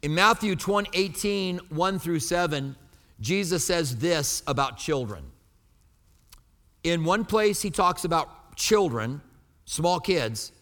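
A male pastor preaches in an emphatic, conversational style, walking listeners through scripture. His voice sits a little high for a man. The sound carries the long reverb of a big hall. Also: expressive, slow pace, a bit bright. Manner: emphatic, conversational Bible teaching. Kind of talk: sermon.

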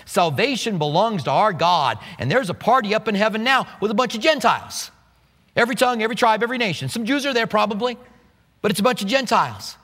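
A man preaching a sermon, animated and playful, acting out quotes with humor. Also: high voice, fast talker, in a large hall. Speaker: pastor.

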